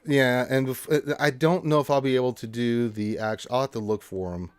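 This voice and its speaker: A man's voice: medium pitch, steady tone, moderate pace, smooth, dry recording. A man hosting a livestream, chatting loosely with lots of fillers and wrapping up the show. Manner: loose, rambling, full of fillers. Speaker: livestream host. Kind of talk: casual stream chat and sign-off.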